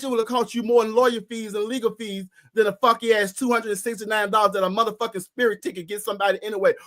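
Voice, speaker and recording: A man's voice: sits high, fairly bright tone. A man co-hosting a podcast in casual chat, ranting heatedly and profanely with emphatic repetition. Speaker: podcast co-host.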